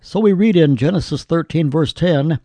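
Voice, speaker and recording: A man preaching a sermon, telling stories and quoting scripture in a slow, deliberate way. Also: on the high side, dark tone, no echo. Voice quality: gravelly. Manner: slow, deliberate delivery with scripture quoted in old English.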